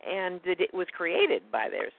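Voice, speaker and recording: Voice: mid-range voice, huge pitch swings, unhurried, vocal fry. A guest telling a personal story in a rambling, indignant way during a casual phone conversation. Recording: tinny phone line, dry.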